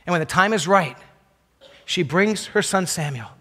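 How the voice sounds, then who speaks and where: High-voiced preacher in a reverberant chapel. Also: male voice, lively intonation, normal speed, pushed and bright. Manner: earnest storytelling, repeats phrases, voice drops low for emphasis. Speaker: pastor. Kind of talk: sermon. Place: college chapel. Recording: long hall reverb.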